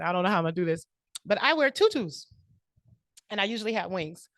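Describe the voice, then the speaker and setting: A woman's voice: mid-range voice, expressive, moderate pace, a bit bright, dry recording. A woman giving a prepared, personal speech at a club meeting, laughing often and close to tears. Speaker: club speaker. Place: meeting room.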